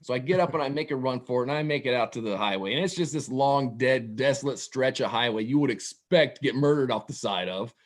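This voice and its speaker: A man telling a wild story for laughs, profane and animated, with laughing asides. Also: mid-range voice, fast talker, hardly any pauses. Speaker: guest storyteller. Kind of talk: comedic storytelling.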